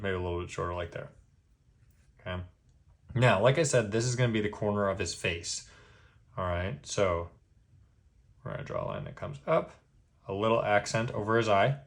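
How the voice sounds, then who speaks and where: A man giving a step-by-step drawing lesson, patient and easygoing, checking in with a quick "okay?" after each step. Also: fairly low pitch, creaky. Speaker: drawing instructor.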